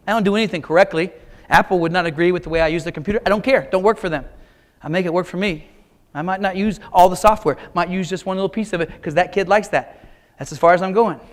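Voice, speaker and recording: Wry, high-voiced man giving a keynote. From Kansas. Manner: wry, self-mocking storytelling with punchy short lines. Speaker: keynote speaker, art teacher. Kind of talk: humorous keynote speech.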